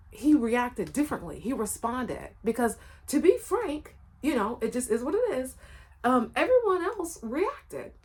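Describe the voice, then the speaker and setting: A woman's voice: a little high, breathy edge. A woman running her own channel, telling a personal story in a casual, rambling and emphatic way, often repeating her phrases. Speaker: channel creator.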